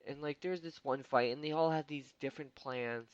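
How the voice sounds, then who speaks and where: Man, podcast host, profane rant, exasperated, loud outbursts and mutters, dry dull lo-fi sound. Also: medium pitch, normal speed, smooth, no room sound.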